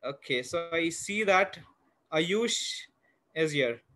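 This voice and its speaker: A fairly high, bright and forceful male voice running an online math lesson for young children. He talks in an encouraging, patient way, counting out loud step by step and often filling pauses with "you know." The sound comes from a computer mic on a video call. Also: animated. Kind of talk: live online class for young kids.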